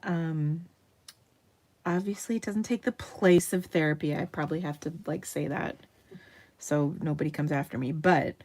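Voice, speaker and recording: A woman's voice: low voice, normal speed, darkish tone. A middle-aged woman hosting a painting tutorial in a chatty, self-deprecating way, laughing often. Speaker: craft tutorial host. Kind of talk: casual painting demonstration.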